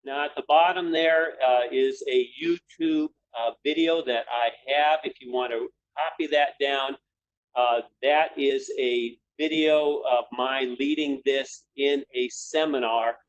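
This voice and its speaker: A man leading a webinar, guiding listeners through breathing and relaxation steps in a calm, unhurried way, repeating his cues in threes. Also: medium pitch, muffled recording, a little hiss or hum. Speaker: webinar presenter leading a stress exercise. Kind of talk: guided breathing instruction.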